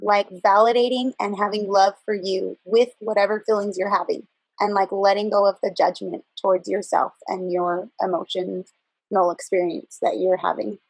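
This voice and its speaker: A woman's voice: medium pitch, level tone, moderate pace, creaky, a little mellow, no echo, rough recording. Earnest woman on a dry call. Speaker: book club member. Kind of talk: casual group discussion.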